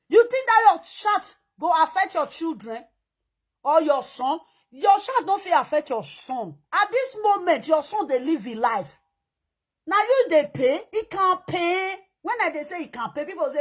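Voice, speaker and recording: A woman with a Nigerian Pidgin accent giving an animated, scolding commentary rant. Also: extremely high pitch, normal speed. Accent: Nigerian Pidgin English. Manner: scolding, animated, mimics and sing-songs.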